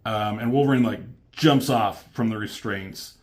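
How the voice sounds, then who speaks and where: A man's voice: lowish voice, a little slow. A man casually reviewing a comic book, rambling loosely with fillers and the odd curse word.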